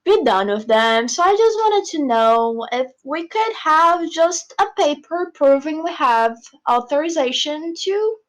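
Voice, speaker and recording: A woman playing a tabletop game, with a high voice that swoops up and down. She talks slowly and sweetly, with hesitant little restarts. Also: animated. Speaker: player.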